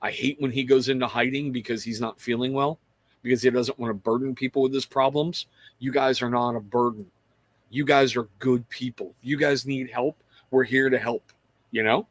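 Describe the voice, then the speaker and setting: A man's voice: mid-range voice, steady tone, moderate pace, dry recording. A middle-aged man hosting a livestream, chatting casually and rambling to viewers, calling out their names and swearing freely. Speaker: livestream host.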